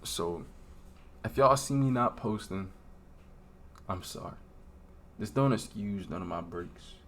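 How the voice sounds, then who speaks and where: A young man giving an earnest, emotional, halting confessional talk in a vlog. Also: fairly low pitch, fairly bright tone. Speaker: faith vlogger.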